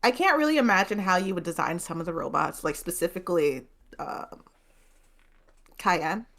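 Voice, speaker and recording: A woman's voice: on the low side, normal speed, a bit bright. A woman hosting a book club, chatting casually in a loose, hedging way and laughing easily. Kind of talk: casual chat.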